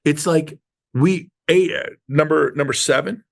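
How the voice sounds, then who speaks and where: This man's voice is fairly high and creaky. He's running a real estate team meeting with a motivational speech, repeating himself emphatically and slowing down for key points in front of a live audience.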